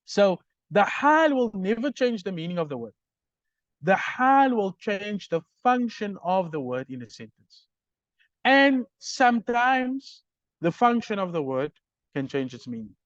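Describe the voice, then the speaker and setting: A man lectures on grammar, raising his voice high and swinging it widely. He speaks slowly, asks "right?" to check that his listeners follow, and the recording is dry and dull. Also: very animated, no echo. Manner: explains step by step, checks understanding with "right?". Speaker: Arabic grammar teacher.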